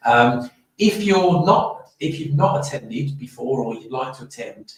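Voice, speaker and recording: Guy hosting a live stream, excited and rambly, sounds far off in a really echoey room. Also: on the high side, unhurried. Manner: enthusiastic, rambling, many restarts and fillers. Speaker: host of an awards live stream. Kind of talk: casual live stream chat.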